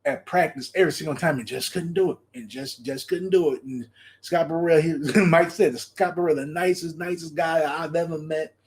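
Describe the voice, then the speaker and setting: A man hosting a podcast, chatting casually in an animated way, laughing often and repeating his phrases. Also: fairly high pitch, moderate pace. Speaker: podcast host. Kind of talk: casual solo commentary.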